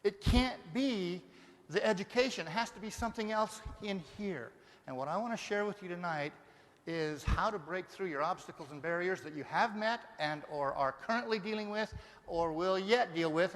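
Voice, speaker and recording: A man from Denver giving a live motivational seminar, energetic and firing rhetorical questions at the audience. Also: sits high, normal speed. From Denver, Colorado. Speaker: motivational speaker. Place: large seminar hall. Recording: long reverb of a live hall.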